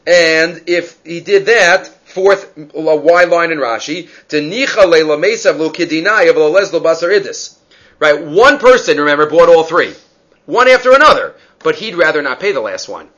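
Bright-voiced man teaching Talmud. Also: on the high side, animated, moderate pace. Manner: explains step by step, asks and answers questions. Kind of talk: Talmud study lecture.

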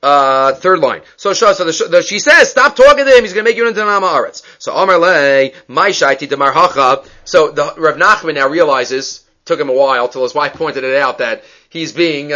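A man with a high, bright voice leads a Talmud lesson. He tells the story with animation and acts out the rabbis' lines as he goes. The recording is dull and lo-fi. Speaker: Talmud teacher.

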